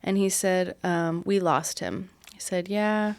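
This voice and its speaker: A woman's voice: fairly low pitch, fairly even intonation, takes it slowly. A young woman hosting a podcast interview, chatting casually with frequent fillers and laughs. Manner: warm, chatty, laughs often, many "like" fillers. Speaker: podcast host.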